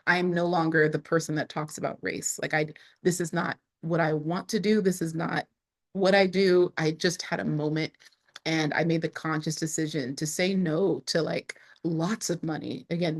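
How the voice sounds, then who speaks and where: A woman speaking to camera in a casual vlog about her online business, chatty, with frequent laughs and restarts. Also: low voice.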